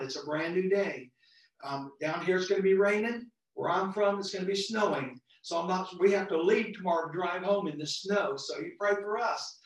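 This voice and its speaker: Fervent man preaching in an echoey church. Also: distant mic. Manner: fervent preaching with excited high outbursts. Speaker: visiting lay preacher. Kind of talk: sermon.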